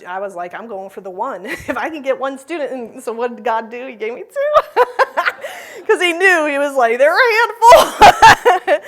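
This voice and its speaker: A woman speaking at a conference about the school she founded. She talks in a chatty, heartfelt way, with many fillers and frequent laughter. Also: medium pitch. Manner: heartfelt, emotional in places. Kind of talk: conference talk.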